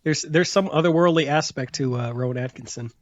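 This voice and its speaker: A man's voice: on the high side, a little fast, no room sound. Chatty man, laughing, slightly muffled sound. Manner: laughs often, rambling with restarts and fillers. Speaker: podcast host. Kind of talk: casual chat.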